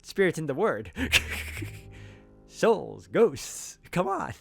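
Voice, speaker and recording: A man's voice: a little high, wildly swooping pitch, very slow, vocal fry, a bit bright, breathy edge, faint music behind. A man reading a visual novel aloud and adding chuckling asides. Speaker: let's-play host.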